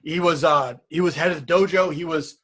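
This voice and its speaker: Husky man telling an animated story. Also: fairly high pitch, brisk. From California. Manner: animated storyteller acting out other people's lines. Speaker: podcast guest. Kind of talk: casual storytelling.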